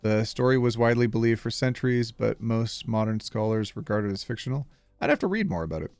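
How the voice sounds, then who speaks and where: A man's voice: medium pitch, fast, smooth, dry recording, soft background music. A man streaming live, reading reddit posts aloud and reacting to his chat with frequent laughter. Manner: animated, laughing often, reacting to viewer comments.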